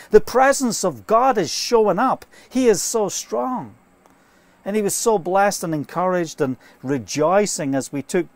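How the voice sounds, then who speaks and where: A man's voice: fairly high pitch, a little mellow, no room sound. A man preaching an informal sermon, earnest and fervent, telling stories and quoting scripture, speaking from inside a trailer.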